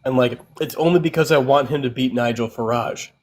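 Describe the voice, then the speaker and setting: A man's voice: mid-range voice, fairly quick, a little mellow, low-quality recording. A man from the United States, chatting casually as a guest on a stream, wry and full of fillers. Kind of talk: casual chat.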